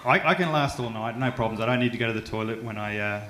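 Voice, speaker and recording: A man's voice: medium pitch, fast, a bit bright. Australian man doing stand-up in a roomy club. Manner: chatty, self-mocking, with frequent stumbles and fillers. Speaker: stand-up comedian. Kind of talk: stand-up comedy set. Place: comedy club stage. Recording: roomy club sound with faint background noise.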